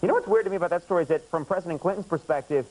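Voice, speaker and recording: A man in his thirties hosting a late-night talk show, interviewing a guest with teasing jokes and quick asides. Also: a little high, darkish tone, low-quality recording. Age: 30s. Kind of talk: comic interview banter. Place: TV studio with audience. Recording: VHS archive tape with faint hiss.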